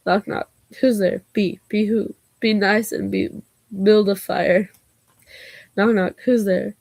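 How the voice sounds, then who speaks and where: A woman's voice: mid-range voice, steady tone, takes it slowly, vocal fry, a little mellow, no room sound. A woman vlogger reading knock-knock jokes aloud, taking both parts herself and breaking off for giggly asides.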